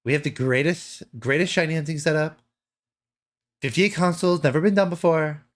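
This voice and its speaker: A man's voice: a little high, moderate pace, voice pushed up, close to an everyday voice. A man putting on an impression of a boastful male politician who speaks in grand superlatives. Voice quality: repetitive superlatives, pompous.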